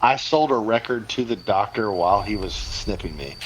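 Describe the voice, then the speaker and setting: A man's voice: fairly low pitch, lively intonation, normal speed, rough recording. A man co-hosting a comedy podcast in casual chat, joking and repeating his punchlines. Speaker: podcast co-host, band singer.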